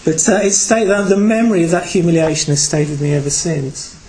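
A man's voice: on the high side, brisk, darkish tone, slight background noise, low-quality recording. A man from Britain giving a Buddhist talk to a group, reflective and hesitant, with many fillers. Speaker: Buddhist teacher.

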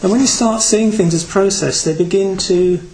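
A man's voice: high-pitched, moderate pace, darkish tone, rough recording. A man from Britain giving a Buddhist talk to a group, reflective and hesitant, with many fillers. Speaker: Buddhist teacher.

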